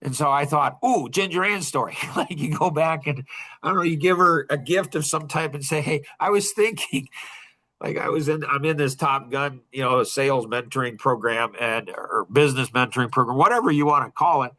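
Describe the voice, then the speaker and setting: A middle-aged man leading a coaching group, telling a personal story in a casual, animated way with frequent laughter. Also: mid-range voice, brisk.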